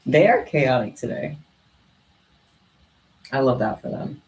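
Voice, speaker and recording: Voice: mid-range voice, big pitch swings, slow, pauses often, darkish tone, slight background noise. A young adult craft vlogger chatting casually at home and cooing in baby talk to pet cats. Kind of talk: casual chat while crafting. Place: home room. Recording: roomy sound from a distant mic.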